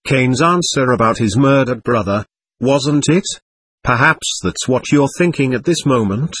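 A man's voice: mid-range voice, lively intonation, a little slow, a bit bright, slight background noise. A man reading a bitter, irritable young man in an audiobook, speaking in a sardonic, snapping way. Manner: sardonic, snapping, self-mocking.

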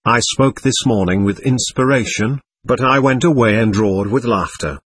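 Bitter, restless young man, snapping and sardonic, read by a male narrator, husky tone. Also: mid-range voice, normal speed, fairly bright tone. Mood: bitterly elated. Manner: sardonic, snapping, self-mocking. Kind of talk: audiobook character reading.

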